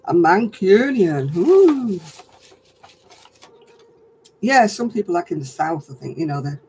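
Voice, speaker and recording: A woman's voice: low voice, vocal fry, mellow, slight background noise, poor audio. A woman with a broad Lancashire accent, chatting homely with viewers while crocheting on a craft livestream. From Lancashire, England. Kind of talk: casual chat, answering viewer comments while crocheting.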